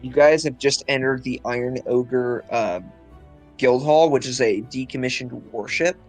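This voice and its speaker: A man's voice: mid-range voice, measured pace, a little mellow, soft background music. A man narrating a tabletop game as game master, rambling with lots of ums and uhs.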